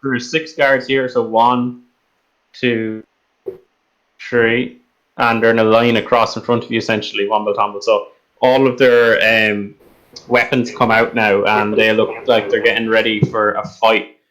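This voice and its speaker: A man running a tabletop game as dungeon master, narrating the scene in steady description with frequent ums and uhs. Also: on the low side, a little slow, poor audio.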